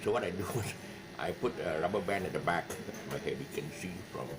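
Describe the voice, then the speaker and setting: A man with a Malaysian English accent teaches guitar in a casual video lesson from his music shop. His voice is low-pitched and brisk, and he rambles with lots of fillers and restarts. There is noise in the background.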